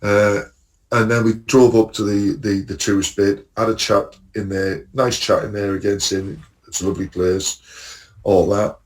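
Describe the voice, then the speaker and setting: A man's voice: on the low side, little pitch movement, moderate pace, far from the mic. A man telling rambling travel stories in casual podcast chat, laughing at his own jokes. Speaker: podcast co-host.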